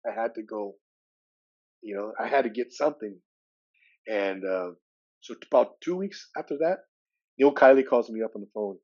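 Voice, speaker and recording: A man in his sixties, a podcast guest from California, telling a personal story with animated delivery. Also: on the low side, normal speed, long pauses, highs cut off. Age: 60s. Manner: animated storyteller who acts out dialogue with shifting voices.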